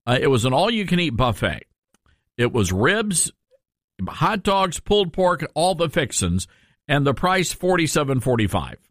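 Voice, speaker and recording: A man's voice: medium pitch, fairly bright tone, dry recording, studio quality. A man hosting a political talk radio show, sarcastic and emphatic as he rants and jokes. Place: radio studio.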